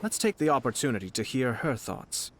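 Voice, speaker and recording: An actor playing a poised, courteous young noble commissioner in a video game, who speaks in a formal, measured, polite way. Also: male voice, medium pitch, big pitch swings. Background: game music.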